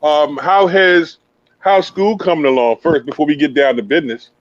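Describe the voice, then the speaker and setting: A man hosting a podcast in a hype, slangy, joking manner, his voice sitting a little high. The sound is dull and lo-fi, and very dry. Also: steady tone, normal speed, dry recording. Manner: hype, slangy, playful banter. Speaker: podcast host interviewing a youth player. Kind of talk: casual podcast interview.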